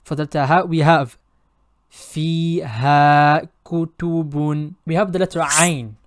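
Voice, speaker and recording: A man leads a pronunciation lesson as a recitation teacher, speaking in a measured, deliberate way. He stretches out each example sound slowly so it can be heard clearly. When he points out common errors, his tone turns firm and corrective. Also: fairly high pitch, slight background noise.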